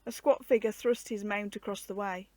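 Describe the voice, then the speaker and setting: A woman's voice: mid-range voice, steady tone, normal speed, dark tone, no echo. Woman reading a storybook aloud.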